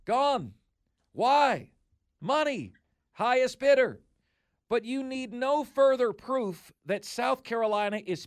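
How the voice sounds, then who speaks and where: A man's voice: high voice, no echo, clean studio sound. A man hosting a sports talk radio show, arguing his opinions emphatically, hammering points home through repetition.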